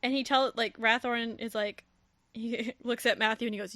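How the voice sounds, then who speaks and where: This podcast host's voice is fairly high and her speed normal, captured in clean, echo-free studio sound. Chatting casually through a novel's plot, she performs the characters' lines, laughs often, and swears freely.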